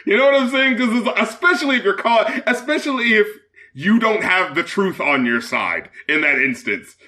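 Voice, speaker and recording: A man co-hosting a casual podcast chat about music, excitable, mocking and laughing often. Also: high voice, normal speed. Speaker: podcast co-host and music critic.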